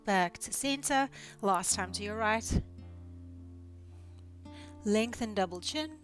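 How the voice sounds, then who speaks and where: A woman physiotherapist calmly guiding a neck mobility routine, cueing each movement step by step and encouraging as she goes. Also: mid-range voice, slow pace, soft background music. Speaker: physiotherapist instructor. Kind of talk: guided exercise instruction.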